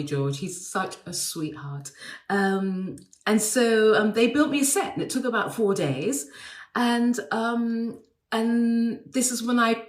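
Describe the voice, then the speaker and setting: A woman's voice: medium pitch, reverberant. A woman with an English accent sends a recorded message, telling stories in a chatty way with many fillers and restarts. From England. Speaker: guest sending a recorded message. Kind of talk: casual recorded anecdote.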